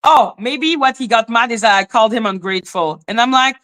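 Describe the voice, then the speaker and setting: Woman host, blunt profane live-stream rant, fairly high voice. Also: fairly quick, hardly any pauses. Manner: blunt, profane, swings between flat mutters and high exclaims. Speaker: livestream host.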